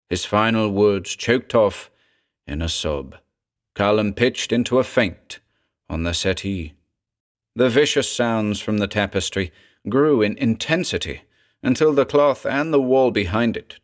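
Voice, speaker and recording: A man narrating a horror story in a measured, grave storytelling manner. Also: fairly low pitch.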